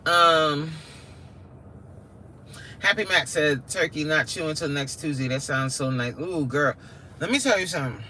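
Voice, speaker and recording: A woman's voice: low voice, a little slow, long pauses, sharp tone, slight background noise. Chatty woman streaming from her car. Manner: chatty, exclaims, reads chat aloud. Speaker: livestream host. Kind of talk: casual livestream chat with viewers.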